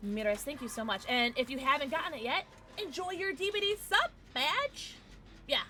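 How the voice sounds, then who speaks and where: Woman streamer talking to chat while gaming, bright sharp voice, bit of hiss behind. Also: high voice, moderate pace. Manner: chatty, excitable, reads and thanks chat.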